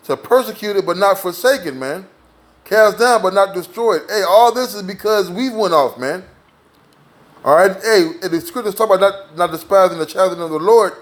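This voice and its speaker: A man preaching a sermon in a loose, conversational way, dropping "man" and "all right?" between points and slowing down to read scripture aloud. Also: high voice. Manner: informal, peppers lines with "man" and "all right?". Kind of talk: street-style sermon with scripture reading.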